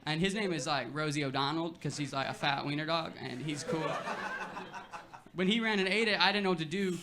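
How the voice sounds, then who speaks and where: With a fairly high, brisk voice, a young man does his stand-up set on a club stage. His delivery is laid-back and full of fillers like "like" and "you know," and the audience laughs.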